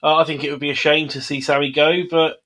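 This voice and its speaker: A man co-hosting a football podcast, talking things through in a measured, casual way. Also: a little high, little pitch movement, a bit bright. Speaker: podcast co-host. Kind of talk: casual chat.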